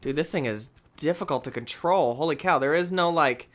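A man hosting a gaming video, talking through his play in an excitable, exclamatory, rambling way. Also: fairly high pitch, a little fast. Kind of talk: let's play commentary.

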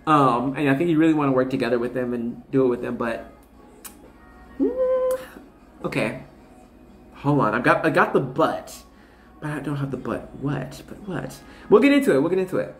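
A woman's voice: a bass voice, big pitch swings, a little fast, long pauses, roomy sound, faint music behind. Rambling young woman reading tarot. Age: 20s. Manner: rambling, filler-heavy, bubbly and self-interrupting. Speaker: tarot reader. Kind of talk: casual tarot reading to camera.

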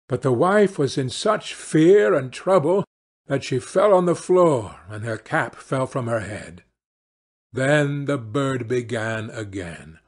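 A man narrating a fairy-tale audiobook in a slow, deliberate reading. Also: medium pitch, expressive. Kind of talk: audiobook storytelling.

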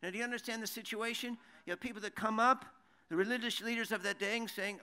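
A man's voice: sits high, steady tone, fast talker, bright, forceful tone, clean tone. A man teaching a sermon, conversational, with many rhetorical questions and restarts, reading verses in Hebrew and translating them. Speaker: Bible teacher.

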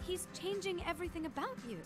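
A woman's voice: extremely high pitch, lively intonation, fast, over music. A concerned cartoon teen girl. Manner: concerned, earnest. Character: caring teenage girlfriend.

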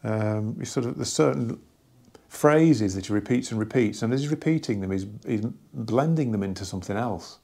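A man casually talking through an album from his record collection, rambling and enthusiastic with many pauses and restarts. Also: fairly low pitch, gravelly, mellow. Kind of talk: casual hobby vlog.

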